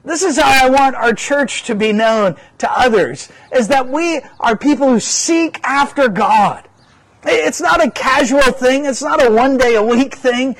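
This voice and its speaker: A man's voice: very high voice, measured pace, fairly bright tone, poor audio. A pastor preaching a sermon in an earnest manner, often repeating words as he presses a point.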